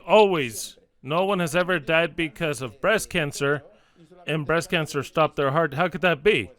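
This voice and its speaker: A man preaching a sermon, emphatic and repetitive, acting out little stories as he goes. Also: a little high. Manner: emphatic, repetitive, lively storytelling.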